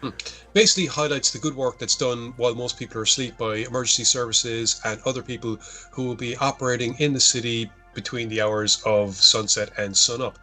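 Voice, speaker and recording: A man's voice: medium pitch, fairly even intonation, fairly quick, hardly any pauses, sharp tone, faint music behind. A man co-hosting a podcast, rambling and swearing as he recaps a horror film. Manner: rambling, profane, self-correcting. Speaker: podcast co-host. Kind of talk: casual chat, recapping a film.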